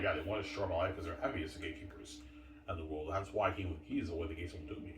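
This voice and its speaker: A man's voice: sits low, rapid-fire, noisy background. A man ranting in a rambling, profane, aggrieved solo monologue. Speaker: vlogger. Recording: echoey room, far from mic.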